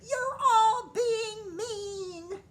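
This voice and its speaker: A woman reading a picture book aloud and voicing a spoiled, bossy queen bee who yells and wails through her tantrums. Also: animated, slow. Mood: wailing. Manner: shrill wailing tantrums, near crying.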